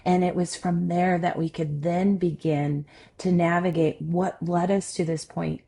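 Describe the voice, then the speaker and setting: Low-voiced woman relationship coach, loud and expressive, chatting candidly on a podcast. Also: measured pace, vocal fry. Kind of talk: candid conversational storytelling.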